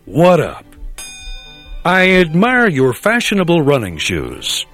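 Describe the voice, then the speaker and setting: A prim, stiff young man in a spoof ad, voiced by a man. His pitch swings widely as he recites polite phrases and then parrots street slang. Music plays underneath. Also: wildly swooping pitch, slow pace, a bit bright, exaggerated voice. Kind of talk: mock ad narration.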